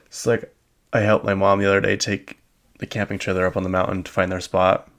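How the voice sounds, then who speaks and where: A man's voice: deep voice, level tone, a little fast, a bit bright. A young adult man hosting a solo podcast, chatting casually and rambling with lots of filler words and small laughs. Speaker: podcast host.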